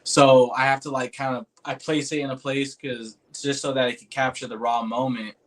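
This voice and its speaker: In a flat, mid-range voice at a moderate pace, this man shares a personal story casually and loosely, full of "dude" and "like," with plenty of swearing. Moving memories make him earnest and emotional.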